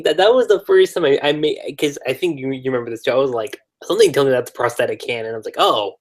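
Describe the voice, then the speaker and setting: Halting man as a podcast guest. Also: medium pitch, a little mellow. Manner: hesitant, halting, restarts sentences. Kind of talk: casual podcast chat.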